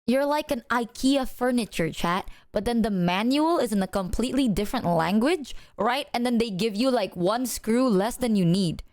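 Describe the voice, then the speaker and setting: A young woman streamer ranting to her viewers in an animated, profane, casual way. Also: fairly high pitch, normal speed, few pauses.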